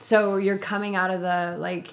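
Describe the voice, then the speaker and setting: Woman host, mid-pitch voice, easygoing chatty questions. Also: flat delivery, moderate pace, slight background noise. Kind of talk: casual interview chat.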